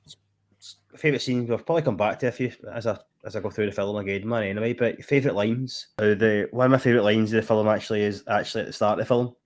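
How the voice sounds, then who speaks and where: Guy rambling about films, low voice, chatty and easygoing. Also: fast talker. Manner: chatty, rambling, easily amused. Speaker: podcast co-host. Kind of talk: casual chat.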